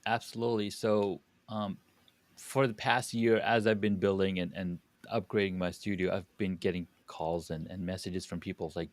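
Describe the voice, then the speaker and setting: A deep, low-pitched man talks through microphone advice as a podcast guest. He explains things patiently, stops to search for words, and restarts his phrases. The sound is dry and close, with no room echo. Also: flat delivery, moderate pace. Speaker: guest audio and studio coach. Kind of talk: podcast conversation.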